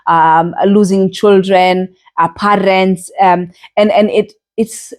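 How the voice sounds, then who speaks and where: Earnest woman podcast host, gentle delivery. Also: mid-range voice. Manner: earnest, gentle, many fillers and restarts. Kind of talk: reflective solo podcast talk.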